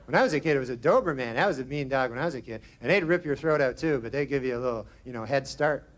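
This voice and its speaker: A man doing a stand-up routine in a deadpan, rambling, dry way, in a noisy live recording. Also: medium pitch, rapid-fire. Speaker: stand-up comedian.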